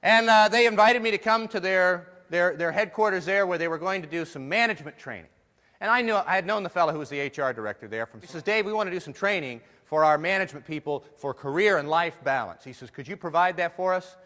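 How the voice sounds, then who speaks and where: This man's fast, pushed, and bright voice sits high as he delivers a funny keynote as a motivational speaker. Playful and full of jokes, he quizzes the live audience, and the hall gives a long reverb.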